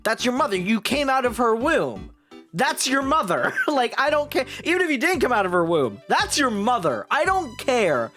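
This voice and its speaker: Young woman streamer, high, lively, loud and profane exasperated commentary. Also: moderate pace, soft background music. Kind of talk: live game stream commentary.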